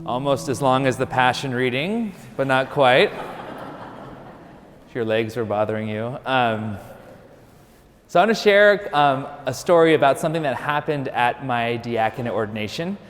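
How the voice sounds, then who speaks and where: Priest preaching in a reverberant church. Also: male voice, medium pitch, animated, moderate pace, a little hiss or hum. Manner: conversational, lightly joking storytelling. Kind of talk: sermon.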